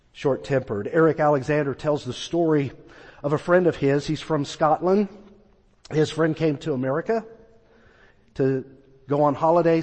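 A man preaches a sermon, telling a story and acting out the voices of its characters. His voice is on the high side and a little mellow, carried by the long reverb of a large hall.

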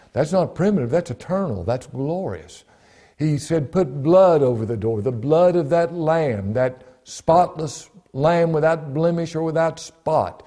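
A male pastor preaching a sermon, emphatic and repetitive, slowing and dropping to a hush when quoting scripture. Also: a little high. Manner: emphatic, repeats key phrases, slows and drops to a hush on scripture. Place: church broadcast.

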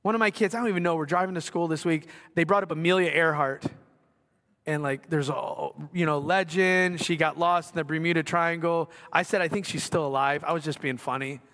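Man, middle-aged, high voice, bright, sermon, conversational asides, echoing gymnasium. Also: fairly even intonation, brisk. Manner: conversational, self-deprecating asides. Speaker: pastor. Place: school gymnasium. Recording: long reverb of a gymnasium.

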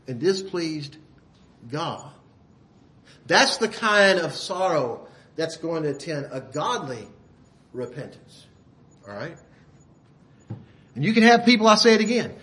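A male preacher delivers a sermon in a high voice with a bright, forceful edge. His talk is folksy and full of rhetorical questions to the listeners. He stops often to clear his throat.

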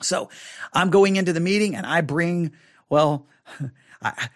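Middle-aged texan guy leading bible study, kinda high voice, repeats himself a lot, chatty and earnest. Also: animated, unhurried. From Texas. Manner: conversational, repeats and restarts words, leans into key phrases. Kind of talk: informal Bible study teaching with personal stories.

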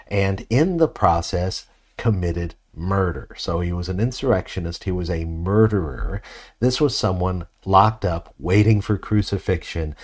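A man delivers an expository sermon, working through the text in a measured, reflective manner. His voice sits low and carries a husky edge. He often pauses to pose rhetorical questions to his listeners. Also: darkish tone. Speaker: preacher.

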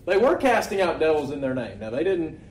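A man's voice: on the high side, big pitch swings, fairly quick. A man preaching a sermon in a loose, conversational way, often asking rhetorical questions. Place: church meeting hall. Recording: echoey hall recording.

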